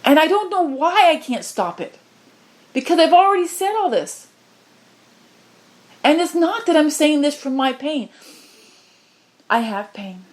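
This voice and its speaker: Woman channeler with a fairly high voice, impassioned and pleading, giving a spiritual message. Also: lively intonation, unhurried, pauses often. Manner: impassioned, pleading, swinging from low murmurs to high cries.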